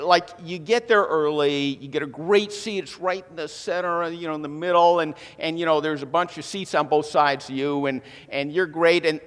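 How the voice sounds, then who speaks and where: A man preaching a sermon in a casual, conversational way, with lively asides and quick impressions of people. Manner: animated, conversational, mimics moviegoers in higher voice. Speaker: pastor. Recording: long hall reverb.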